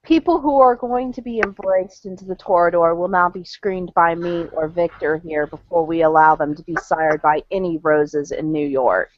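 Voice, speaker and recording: A woman's voice: lowish voice, moderate pace, few pauses, muffled recording, slight background noise, lightly acted. A woman playing a smug vampire clan leader. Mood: businesslike. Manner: cool, condescending, calls people dear.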